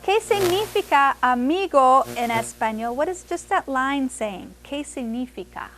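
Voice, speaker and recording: A woman teaching conversational Spanish to adults, switching between English and Spanish and repeating phrases slowly for the learners. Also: sits high, lively intonation, a bit bright, slight background noise. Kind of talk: classroom language lesson.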